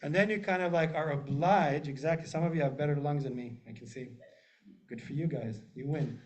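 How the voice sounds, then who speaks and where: Chatty man teaching a class, slightly high voice. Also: fairly quick. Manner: chatty, jokey, asks the group often. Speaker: rabbi leading a class. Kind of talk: casual teaching with humor. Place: synagogue classroom with a group. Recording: muffled lo-fi room recording.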